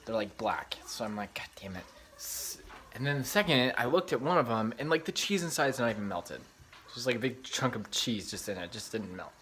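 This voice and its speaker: A young vlogger chats casually while cooking in his home kitchen, frying sizzling in the background. His medium-pitched voice runs a little fast, and he's excitable and rambling, swearing often and saying "like" constantly; the recording is low quality with slight background noise.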